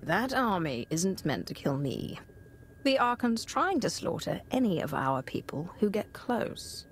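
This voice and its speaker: A woman voicing a commanding Sith hero in a game, calm and controlled. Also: on the low side, unhurried, slight background noise.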